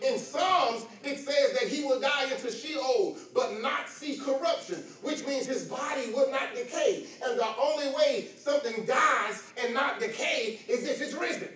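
A man preaching a sermon with impassioned call and response, swinging from hushed talk to shouting. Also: extremely high pitch, a little slow, few pauses. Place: church. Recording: very echoey church, voice from far off.

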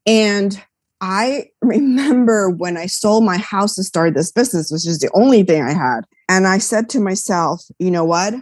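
A woman's voice: medium pitch, moderate pace, dry recording, clean studio sound. Emphatic woman telling her story. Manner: emphatic, animated personal storytelling. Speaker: guest, business founder and military veteran. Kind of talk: podcast interview.

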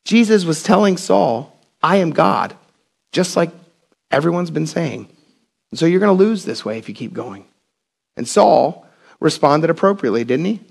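High-voiced preaching pastor, fervent. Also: male voice, lively intonation, normal speed, vocal fry, long pauses. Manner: conversational and emphatic, rising to passionate shouts. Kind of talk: sermon.

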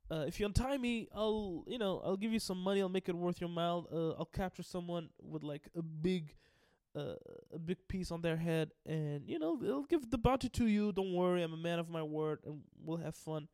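A blunt, foul-mouthed young swordsman, as a man retelling a cartoon puts him on. His voice sits fairly high and he talks in short, brusque bursts. The sound is close and dry. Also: moderate pace, darkish tone, clean tone, dry recording. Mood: bargaining. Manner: crude, swearing, brusque.

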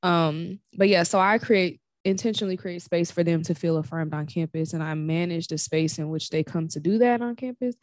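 A woman's voice: on the low side, normal speed, hardly any pauses, a little mellow, dry recording, studio quality. A young adult woman with a Chicago accent, a guest on a casual podcast, laid-back and candid.

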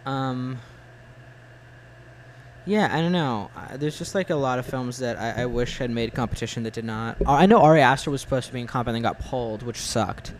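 Young man chatting haltingly, blunt. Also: medium pitch, a little hiss or hum, low-quality recording. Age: 20s. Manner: halting, full of "like" and "uh", blunt opinions. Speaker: film fan in conversation. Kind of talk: casual chat.

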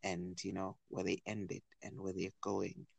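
A man co-hosting a casual podcast chat, stammering through many restarts as he gets excited. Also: sits low, unhurried, creaky, breathy edge, dry recording. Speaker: podcast co-host.

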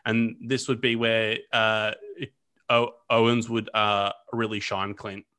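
A man's voice: on the low side, flat delivery, slow pace, sharp tone, smooth. A man co-hosting a casual history podcast, chatting loosely with plenty of fillers and restarts. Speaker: podcast co-host.

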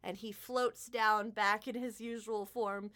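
A woman narrating a tabletop game as game master, vivid and expressive. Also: mid-range voice, measured pace. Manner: expressive, vivid storytelling with fillers.

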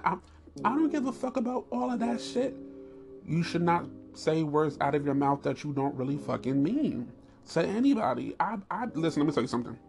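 A man hosting a podcast, telling a story in a candid, animated and profane way. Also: fairly quick, creaky, faint music behind. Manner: animated, profane storytelling with high squeals and laughs. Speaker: podcast host.

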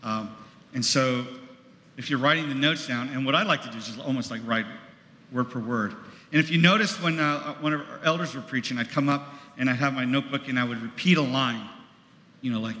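A man's voice: medium pitch, fairly quick, bright, forceful tone, slight background noise. A man with an American accent preaching a sermon in a church, talking in a loose, conversational way with lots of fillers. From United States. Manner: conversational, rambling with many fillers. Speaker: pastor. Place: church sanctuary. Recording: echoey hall, long reverb.

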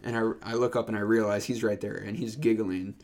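A man's voice: on the low side, steady tone, fairly quick, darkish tone. A young man co-hosting a casual podcast, telling laid-back, rambling anecdotes. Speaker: podcast co-host.

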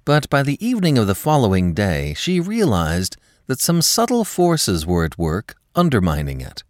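Male narrator for an audiobook, very deep, lively delivery, dry close sound. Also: no echo. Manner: expressive, measured reading. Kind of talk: scripted story narration.

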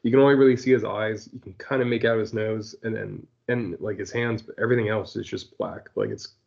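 Low, gravelly man in halting chat. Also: steady tone, darkish tone, dull audio. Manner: halting, full of "like" and restarts. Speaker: podcast co-host. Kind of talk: casual chat.

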